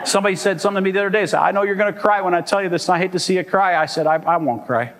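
Emphatic preacher in a reverberant hall. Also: male voice, sits high, racing, a bit bright. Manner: emphatic, call-and-response, asks "amen?". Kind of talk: sermon. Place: church hall.

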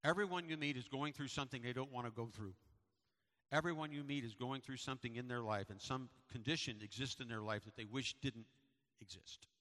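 A man's voice: medium pitch, brisk, pushed and bright. A middle-aged man, a pastor, giving a sermon and church announcements in a conversational, storytelling way with repetitions. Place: church sanctuary. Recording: long hall reverb.

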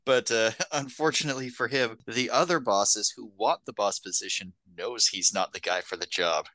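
A man's voice: on the low side, normal speed, no echo. A man co-hosting a film podcast, chatting casually and hedging his points. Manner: relaxed, hedging with "like" and "I think".

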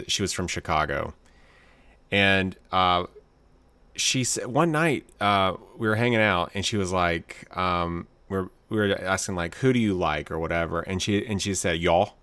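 A man's voice: deep voice, normal speed, sharp tone, smooth, no room sound. A man co-hosting a casual podcast chat, rambling and playful, often repeating his words. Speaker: podcast co-host.

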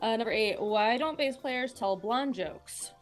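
Higher-voiced woman reading jokes. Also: measured pace, faint music behind. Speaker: show assistant reading jokes.

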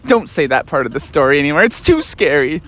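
Guy putting on a high whiny scaredy little critter voice, panicky, faint hiss behind. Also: sing-song, quick pace. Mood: scared. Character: jumpy easily scared young male creature.

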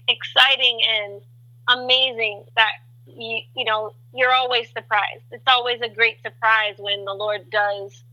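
A woman guest sharing a faith testimony in conversation, an animated storyteller who acts out what people said. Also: fairly high pitch, unhurried, low-quality recording.

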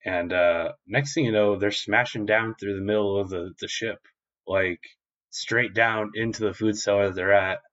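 A man's voice: fairly low pitch, steady tone, moderate pace, a bit bright. A man co-hosting a podcast, recapping an episode in a rambling, filler-heavy, profane way. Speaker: podcast co-host. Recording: dull lo-fi recording.

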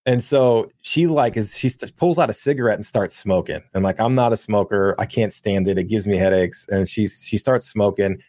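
A young man co-hosting a podcast, telling a long profane anecdote in a rambling, animated way. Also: fairly low pitch, dry recording, clean studio sound. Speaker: podcast co-host. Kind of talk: casual storytelling.

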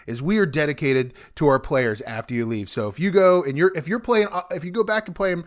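A man's voice: fairly high pitch, a little fast. Chatty male sports radio host. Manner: friendly, chatty, laughs often.

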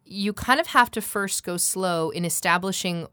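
A woman working as a coach, explaining her methods in a chatty, animated way with lots of fillers and restarts. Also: on the low side, moderate pace, no echo. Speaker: accent and dialect coach. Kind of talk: conversational interview.

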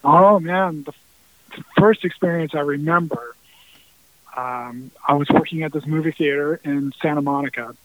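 A man's voice: a little high, normal speed, dry recording. Man with a tinny, phone-like sound. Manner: rambling, with many restarts and casual swearing. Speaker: musician guest. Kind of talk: casual storytelling interview.

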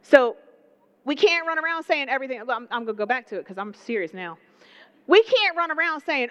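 Woman preacher, Southern accent, high voice, animated conversational sermon, dull lo-fi sound. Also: fairly quick.

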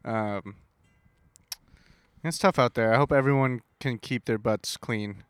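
A man co-hosts a casual podcast, telling animated, profane stories. His pitch sits mid-range and the sound is dry and close. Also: unhurried, clean tone, dry recording. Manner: animated storyteller, profane, acts out people he met. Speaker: podcast co-host. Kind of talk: casual chat.

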